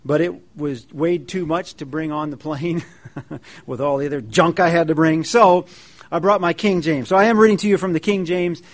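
A man preaching a sermon in a folksy, joking way, reading scripture and telling stories with lively emphasis. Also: a little high, moderate pace. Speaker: pastor.

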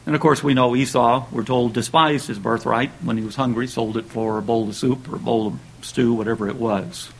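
A man's voice: fairly even intonation, a little fast, vocal fry, hardly any pauses, husky, low-quality recording. A man preaching a sermon, speaking conversationally with restarts and lifting his voice when he reads scripture aloud. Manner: raises pitch and volume when reading dramatic quotes.

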